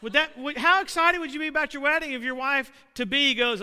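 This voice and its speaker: A middle-aged man preaching a sermon, animated and building to shouts. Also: very high voice, a little fast. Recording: long reverb of a hall.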